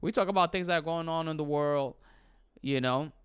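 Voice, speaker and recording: A man's voice: fairly high pitch, moderate pace, clear, resonant tone, no room sound. Chatty bilingual young man streaming live. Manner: animated, chatty, switches between English and Spanish. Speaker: livestream host. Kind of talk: casual livestream chat reading viewer comments.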